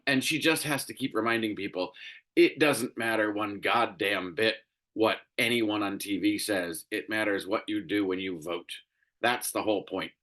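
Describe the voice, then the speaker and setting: A man's voice: fairly low pitch, fairly bright tone. A man hosting a solo commentary show, ranting in a profane, exasperated way, tired and crabby. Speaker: show host.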